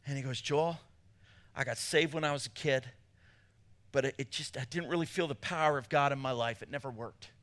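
A man preaching a sermon as pastor, telling a story with big swings between loud bursts and hushed moments. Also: mid-range voice, a little fast.

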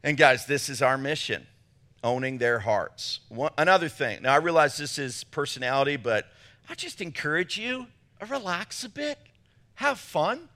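Animated joking preacher man. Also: fairly high pitch, normal speed. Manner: animated, jokey, acts out voices. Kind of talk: humorous sermon to a men's gathering.

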